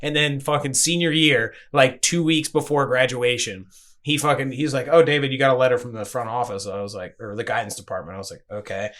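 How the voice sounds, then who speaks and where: A man's voice: mid-range voice, steady tone, fairly quick, a bit bright. A man hosting a recovery podcast, telling stories in a loose, casual way and swearing freely. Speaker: podcast host. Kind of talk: casual conversational chat.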